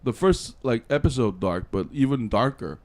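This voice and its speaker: Excitable male co-host, animated up-and-down delivery, rambling and teasing. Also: mid-range voice, moderate pace. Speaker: podcast co-host and film reviewer. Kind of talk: casual review chat.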